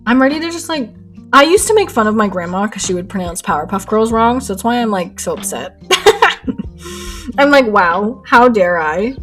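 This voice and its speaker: A young woman streaming her painting and chatting with viewers in an excitable, rambling way, laughing often. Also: a little high, normal speed. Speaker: art streamer. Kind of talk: casual chat while painting live. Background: faint lo-fi music.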